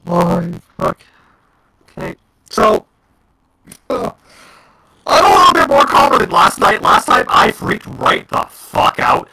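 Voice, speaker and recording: Angry podcast co-host; high, gravelly, sharp voice; swears through heated rants. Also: male voice, sing-song, slow, long pauses, slight background noise, poor audio. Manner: heated, profane ranting. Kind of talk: casual gaming podcast chat.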